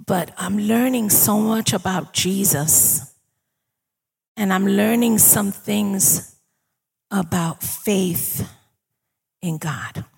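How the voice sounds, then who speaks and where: A woman preaching a sermon, her voice husky with a gravelly edge. She talks slowly and conversationally, checking in with her listeners as she goes, and her words ring out with the long reverb of a large hall. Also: medium pitch, a little mellow. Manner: conversational preaching, asks the congregation for agreement.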